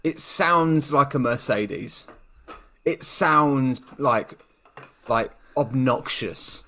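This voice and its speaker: A man's voice: medium pitch, extremely slow, sharp tone. Chatty British man talking to listeners. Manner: chatty, addresses the listener directly. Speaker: podcast co-host. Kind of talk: casual chat.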